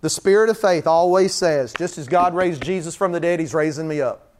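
A high, light-voiced pastor gives a sermon at a normal speed with a darkish tone, talking to his congregation like a conversation and acting out everyday moments. Eventually he rises into fervent, repeated calls.

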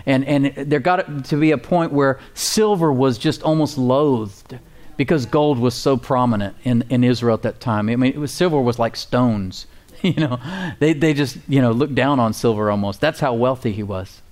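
Medium-pitched and a little mellow, a male pastor preaches at a moderate pace in church before a congregation that answers him. He stays emphatic and casual, repeating key words and asking for amens amid fillers and folksy asides.

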